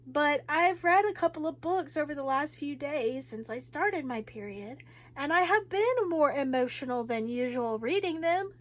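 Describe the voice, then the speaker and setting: A woman's voice: high-pitched, expressive, moderate pace. A woman book vlogger chatting casually about books, rambling and emotional, with many fillers and restarts. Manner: emotional, with sighs and laughs.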